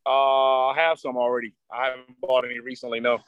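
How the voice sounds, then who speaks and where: A man fires off quick, playful replies in a casual chat, often hesitating before he answers. His voice sits mid-range and sounds dry and close. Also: medium pitch, little pitch movement, clean tone, dry recording, phone-quality sound. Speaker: panelist. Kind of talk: casual banter.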